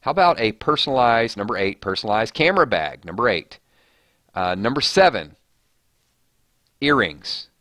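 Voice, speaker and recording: A man's voice: mid-range voice, sing-song, moderate pace, long pauses, pushed and bright, dry recording, clean studio sound. A man hosting a casual live stream, chatting and joking as he reads viewer comments. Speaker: livestream host. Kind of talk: casual chat.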